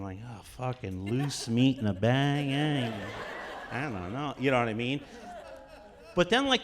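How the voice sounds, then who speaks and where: A man's voice: medium pitch, a little hiss or hum. A man telling a rambling, profane comic story live on stage, laughing as he goes. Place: on stage at a cultural center.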